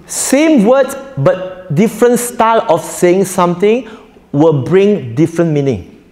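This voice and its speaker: Man, fairly high voice, joking lecturer, quizzes crowd, long hall reverb. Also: lively intonation, measured pace, mellow. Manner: jokey, quizzes the audience, laughs often. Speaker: preacher teaching a workshop. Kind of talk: interactive lecture. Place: hall with a live audience.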